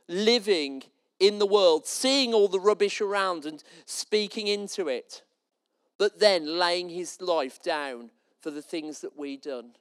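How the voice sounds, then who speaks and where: A man's voice: high voice, clear, resonant tone. Conversational male preacher telling stories. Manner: storytelling, conversational and jokey. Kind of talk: sermon. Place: church.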